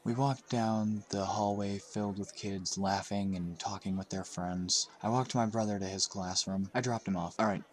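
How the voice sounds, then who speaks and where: A man narrating a scripted horror story in a measured, subdued storytelling manner. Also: lowish voice, fairly even intonation.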